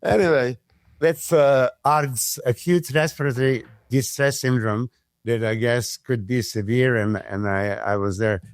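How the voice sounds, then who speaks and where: A man, a podcast guest telling stories in casual chat, animated, swearing freely and acting out what others said. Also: mid-range voice, a little slow, no room sound, studio quality. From Serbia. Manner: animated storyteller who swears freely and acts out quotes. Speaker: podcast guest, former pro bodybuilder.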